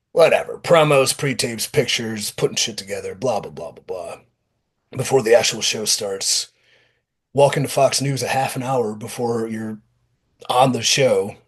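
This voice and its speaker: A man being interviewed as a pro wrestler guest, talking in a blunt, profane, lively storytelling way. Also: medium pitch, slightly rough. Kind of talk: casual interview talk.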